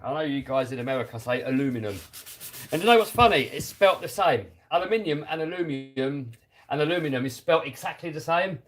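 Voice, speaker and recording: A British man talks casually on a live stream, reading out viewer comments while he works on a model car. His voice sits slightly high for a man, and he laughs easily. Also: expressive, brisk. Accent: British English. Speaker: RC hobby YouTuber reading live chat.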